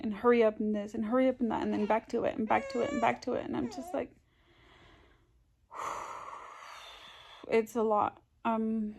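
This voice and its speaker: A woman's voice: a little high, gravelly, noisy background. A young woman, a stay-at-home mom, talking casually to her phone camera at home, tired and venting, mixing English with Spanish. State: exhausted. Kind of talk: casual vlog chat.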